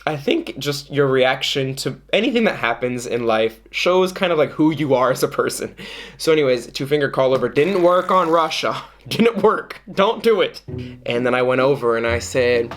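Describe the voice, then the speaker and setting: Animated, playful man telling a story. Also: medium pitch, moderate pace, faint music behind. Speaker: vlogger telling a dating story.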